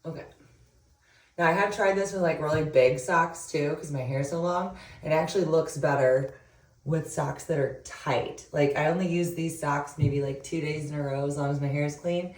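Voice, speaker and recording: A woman's voice: low voice, normal speed, a little mellow. A woman chatting casually and giggling as she walks through a hair tutorial. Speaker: vlogger. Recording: roomy sound, distant from mic.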